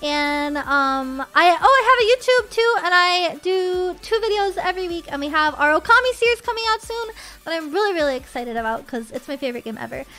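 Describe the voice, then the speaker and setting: A young adult woman streamer in casual, bubbly chat, gushing and excitable as she signs off. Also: extremely high pitch, a little fast, few pauses, faint music behind.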